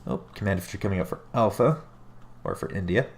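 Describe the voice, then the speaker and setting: A man's voice: low-pitched, fast talker, a little mellow, slight background noise. A man casually casting a strategy game replay, stuffy and nasal from allergies, musing aloud and correcting himself as he talks. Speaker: game caster. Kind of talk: live play-by-play commentary on a strategy game replay.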